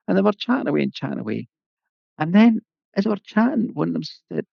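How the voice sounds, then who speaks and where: A man tells a folk tale in a relaxed, conversational way. His voice is deeply gravelly and husky, rising and falling in a lively sing-song. The sound is dull and dry, close to the mic. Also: quick pace, dry recording. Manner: lilting, conversational, folksy asides. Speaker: storyteller. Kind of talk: oral folk-tale telling.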